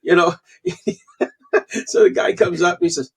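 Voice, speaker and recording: A man in his sixties from Canada, a guest falconer telling animated stories in a casual interview and acting out the quotes. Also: high voice, normal speed, long pauses, slightly rough. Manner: animated storyteller, acts out quotes.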